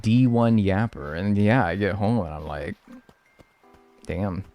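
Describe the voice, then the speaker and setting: A man's voice: lowish voice, moderate pace, faint music behind. A young man chatting casually and rambling on a live gameplay stream, swearing freely as he talks. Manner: animated, chatty, swears a lot.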